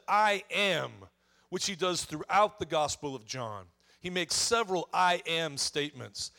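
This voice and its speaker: Expressive high-voiced male preacher. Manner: expressive preaching, swelling and dropping for emphasis. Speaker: pastor. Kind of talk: sermon.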